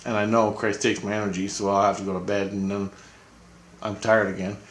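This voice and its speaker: A man's voice: on the low side, little pitch movement, brisk, slight background noise. A man vlogging, telling a rambling personal story with chuckles. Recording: roomy echo.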